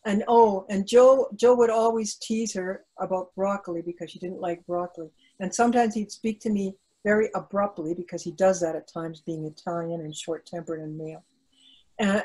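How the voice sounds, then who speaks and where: A woman's voice: medium pitch, warm tone, breathy edge, low-quality recording. An older woman author answering interview questions over a video call, talking in an earnest, reflective way with frequent restarts.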